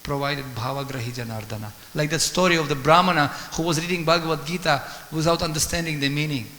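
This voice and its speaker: A man giving a sermon as a guest speaker, telling stories in an animated way, acting out dialogue and chanting Sanskrit verses. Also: fairly high pitch, quick pace. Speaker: guest speaker at a temple class. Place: temple hall. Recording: echoey temple hall with faint hiss.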